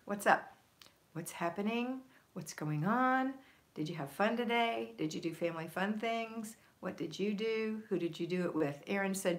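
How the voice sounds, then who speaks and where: A woman's voice: medium pitch, lively intonation. Chatty older woman hosting a live stream. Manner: chatty and upbeat, laughs often, quick asides. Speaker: livestream host. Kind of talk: casual live chat, reading viewer comments aloud.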